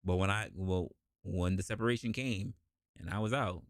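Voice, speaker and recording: A man hosting a podcast, telling a casual story and acting out the people in it with big jumps in pitch, swearing freely. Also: moderate pace, no echo, clean studio sound. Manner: animated, acts out quoted voices with big pitch jumps, swears. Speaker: podcast host.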